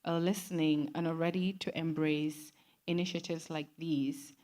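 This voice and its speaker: A woman from the Gambia hosting a formal breakfast meeting, speaking in a measured way with many fillers. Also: low-pitched, fairly even intonation, a little mellow. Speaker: event host. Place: conference room at a breakfast meeting.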